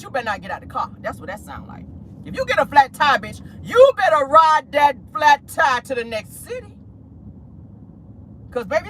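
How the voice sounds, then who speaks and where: A woman hosting a casual celebrity gossip show from inside a car, sassy and animated, calling her listeners honey and girl. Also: high voice, a little hiss or hum. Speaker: host of a gossip talk show.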